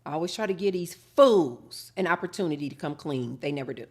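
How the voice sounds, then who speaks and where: Woman host, 30s, animated monologue that acts out both sides of a conversation, low-ish voice. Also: fairly quick. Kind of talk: live talk show monologue.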